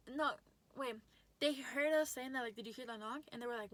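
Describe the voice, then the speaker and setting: Chatty excitable young woman vlogger. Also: on the high side, fast talker. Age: young adult. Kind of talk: casual storytelling.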